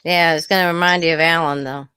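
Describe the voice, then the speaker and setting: A woman co-hosting a casual chat, relaxed and quick to laugh. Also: sits low, smooth, no echo. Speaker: co-host.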